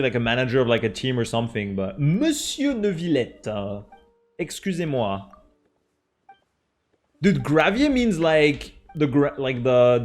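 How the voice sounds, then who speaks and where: French-accented male streamer, lively pitch, mid-range voice, chatty and direct with his audience. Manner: chatty, animated, addresses chat directly. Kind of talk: casual stream commentary.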